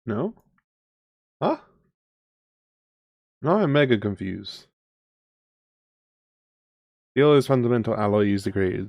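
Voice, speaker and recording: A man's voice: on the low side, lively intonation, slow pace, pauses often, a little mellow, no room sound. A man in his twenties streaming a game, chatting casually, laughing often and rambling with lots of fillers. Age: 20s. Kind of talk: casual live-stream chat.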